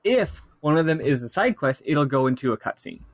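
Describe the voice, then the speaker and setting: A man co-hosting a casual game podcast, lively and swearing freely as he talks through his notes. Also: fairly high pitch, brisk, no echo. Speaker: podcast co-host. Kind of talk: casual chat.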